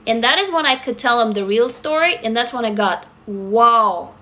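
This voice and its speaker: A woman's voice: on the high side, lively intonation, a little fast, fairly bright tone. A woman from Russia, chatting candidly on a live stream as an author, blunt, swearing freely and laughing through heavy topics. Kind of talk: casual live-stream chat answering comments.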